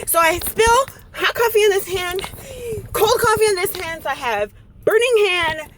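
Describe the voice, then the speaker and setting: A woman telling a story in an animated vlog style, switching into phrases and acting out the people in it. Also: extremely high pitch, moderate pace. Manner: dramatic, mixes in Spanish phrases, acts out others. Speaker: vlogger. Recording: faint background noise.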